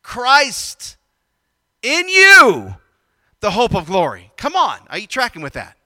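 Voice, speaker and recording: A man preaching a sermon, swinging from loud emphatic bursts to quiet low asides. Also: huge pitch swings, slow, no room sound, long reverb tail. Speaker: pastor.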